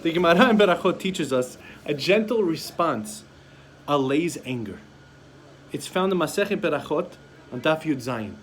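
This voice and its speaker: A man with a slightly high voice, recorded with a faint hiss or hum, delivers a sermon as a rabbi. He speaks Sephardic-community American English, telling stories and acting out the voices of parents and children.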